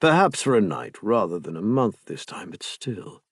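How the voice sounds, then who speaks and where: A man voicing an earnest, formal gentleman who speaks in a deep voice, devoted to his lover. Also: big pitch swings, normal speed, slightly rough, dry recording, clean studio sound. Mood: suggestive.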